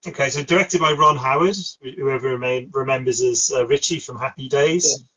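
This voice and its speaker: A man's voice: mid-range voice, fairly quick, sharp tone, breathy edge, low-quality recording. A middle-aged man, chatting casually about films as a podcast host, with lots of fillers and frequent laughs. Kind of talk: casual film chat.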